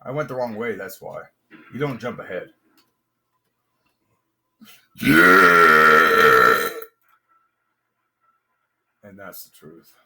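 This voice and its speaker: A man commenting casually on his own gameplay, frustrated, with sudden excited outbursts and shouts. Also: lowish voice, brisk, noisy background. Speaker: gamer.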